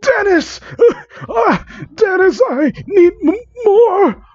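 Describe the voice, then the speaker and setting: A man voicing a desperate young man who begs in a high, shouted voice, on a dull lo-fi mic. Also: sing-song, takes it slowly, dry recording, heavily acted. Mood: begging.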